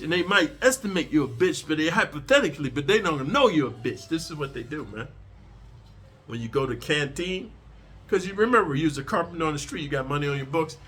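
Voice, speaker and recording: A man's voice: fairly high pitch, fairly bright tone, a little hiss or hum. A man telling a prison story in a casual, profane, streetwise way, lecturing his listeners.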